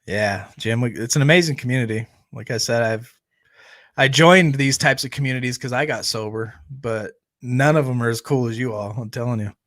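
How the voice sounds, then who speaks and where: A man co-hosts a family recovery channel, chatting casually at a slightly quick pace and often ending his points with a questioning "right?". His voice is medium-pitched and a bit bright.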